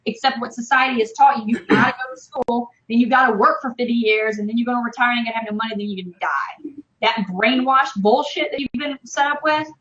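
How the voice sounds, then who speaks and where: A woman with a fairly high, fairly bright voice talks fast as an interview guest on a casual live stream, where she works as an online business marketer. She is passionate and emphatic and swears freely, and the sound comes through a muffled video call.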